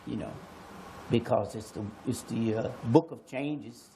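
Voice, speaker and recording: An American man on an arts panel, talking in a slow and musing way, repeating phrases and pausing often. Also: mid-range voice, gravelly, background noise. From United States. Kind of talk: slow reflective panel talk.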